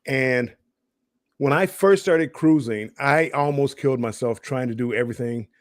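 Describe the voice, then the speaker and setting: A man's voice: medium pitch, normal speed, dry recording, studio quality. A middle-aged man co-hosting a live cruise chat, telling stories in a rambling way with many restarts and repeated words. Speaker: cruise show co-host. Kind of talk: casual live-stream chat.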